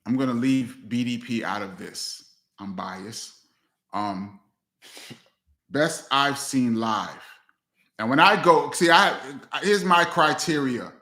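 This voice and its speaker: Speaking slowly with lively intonation and a sharp tone, a man running a live Q&A as a DJ tells casual stories. He acts out what his friends said, jumping widely in pitch, and the stream has roomy echo.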